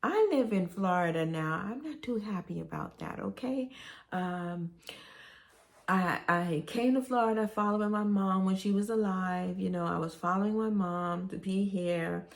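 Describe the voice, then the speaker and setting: A woman's voice: medium pitch, moderate pace, creaky. A middle-aged woman, telling rambling, nostalgic stories in a casual vlog. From Brooklyn, New York. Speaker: vlogger.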